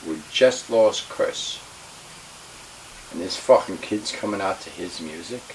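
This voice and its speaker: A retired pro wrestler, speaking low and a little slowly with frequent pauses, tells a wrestling story in an interview. He gets heated, emphatic, and profane, and the distant mic picks up faint hiss.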